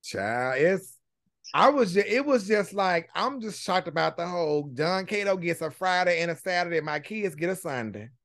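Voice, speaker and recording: A man hosting a casual gossip podcast over a video call, animated and profane, retelling quotes with dramatic flair. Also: high-pitched, moderate pace, no room sound, clean studio sound. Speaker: podcast host.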